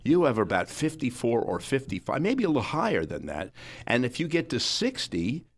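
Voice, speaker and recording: A man from Miami hosting a radio sports talk show, telling lively anecdotes and acting out voices. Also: medium pitch, normal speed. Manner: animated, acts out quoted voices. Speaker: radio host and actor.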